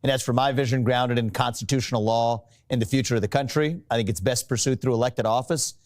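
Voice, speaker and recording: Man, quick pace, on-message talking points, TV interview clip played back. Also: medium pitch, steady tone. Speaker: politician in a TV interview. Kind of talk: polished political interview answers.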